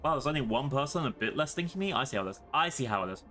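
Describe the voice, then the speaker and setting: A playful British man talking through a live game stream, his voice bright and sharp. He rambles easily and jokes with his chat, with a faint hiss of noise underneath. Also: mid-range voice, animated, very fast. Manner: playful, chatty, talks to chat.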